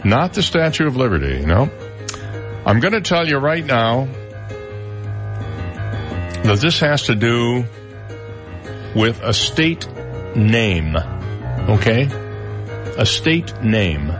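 A man's voice: medium pitch, very animated, takes it slowly, long pauses, music in the background. A man hosting a morning radio show, running a call-in quiz and reading news, playful and fond of repeating himself. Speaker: radio talk show host.

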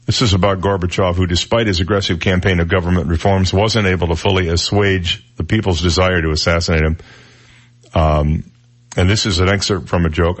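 A male radio talk host with a low-pitched voice. He reads out jokes and comments on them in a dry, sarcastic way, with casual filler between items. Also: fairly even intonation, a little fast. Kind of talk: talk radio chat, reading jokes aloud.

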